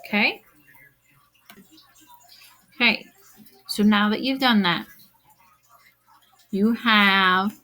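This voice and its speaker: Slow, gravelly-voiced woman teacher. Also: mid-range voice, fairly bright tone, poor audio. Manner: talks to students directly, counts aloud, checks understanding. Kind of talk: recorded math lesson.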